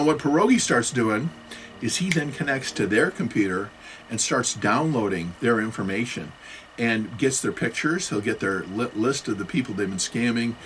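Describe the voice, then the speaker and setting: A man's voice: medium pitch, a bit bright, poor audio. A middle-aged man giving a casual talk on computer security, with joking, self-mocking asides.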